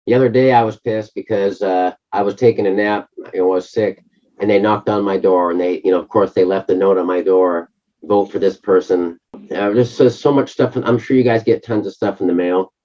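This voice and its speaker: A hoarse middle-aged man co-hosting a casual chat, halting often with fillers. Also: on the low side, fairly even intonation. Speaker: co-host. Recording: muffled lo-fi audio.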